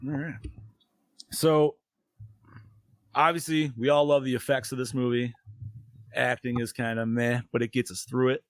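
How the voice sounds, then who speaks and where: A man's voice: mid-range voice, flat delivery, moderate pace, pauses often, no room sound. A man hosting a casual film review podcast. He swears freely, giggles often and keeps losing his place. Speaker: podcast host.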